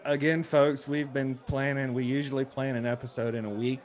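A man's voice: medium pitch, little pitch movement, normal speed. A man hosting a casual podcast from a tavern, joking and rambling with restarts. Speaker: podcast host.

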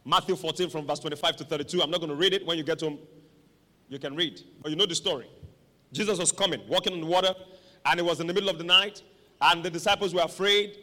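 A male pastor, his voice high and bright as he preaches with dramatic, animated flair. He calls out to the congregation for responses. His voice rings with the long echo of a large church hall. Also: quick pace. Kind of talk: sermon.

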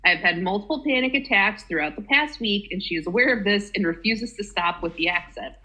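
A woman co-hosting a casual podcast chat, talkative and quick to giggle as she reads a story aloud. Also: mid-range voice, expressive, pushed and bright, poor audio. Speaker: podcast co-host.

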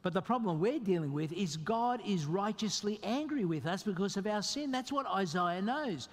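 A fairly high-voiced man preaching to a congregation, emphatic and animated, his voice swinging sharply up for emphasis. A long hall reverb trails after his words. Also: moderate pace. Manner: animated, emphatic preaching with sudden pitch jumps. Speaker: pastor. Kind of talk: sermon.

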